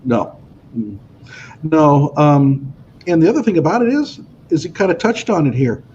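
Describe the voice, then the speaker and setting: Man, slightly higher voice, emphatic and opinionated, muffled lo-fi sound, faint hiss. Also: sing-song, moderate pace, a little mellow. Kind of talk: casual discussion. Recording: dull lo-fi audio with faint noise.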